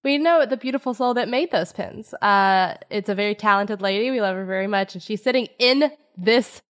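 A woman's voice: medium pitch, normal speed. A woman who plays in a tabletop podcast, chatting playfully and laughing often, on a headphone mic. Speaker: podcast player. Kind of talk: casual podcast chat.

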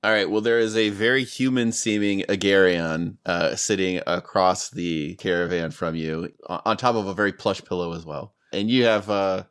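A man narrating as game master in a tabletop game, relaxed with some hesitations. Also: sits low, moderate pace, hardly any pauses, clean tone.

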